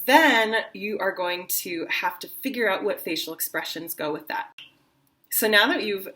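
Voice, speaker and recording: A young adult woman teaching an online singing lesson, talking casually and acting out lines with lively drama. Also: mid-range voice.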